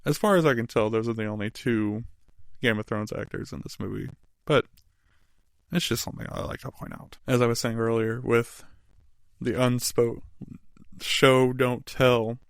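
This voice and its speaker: A man's voice: medium pitch, fairly even intonation, normal speed, vocal fry, pauses often, smooth, no echo. A young man casually reviewing a movie as a podcast host, rambling with restarts and frequent laughs.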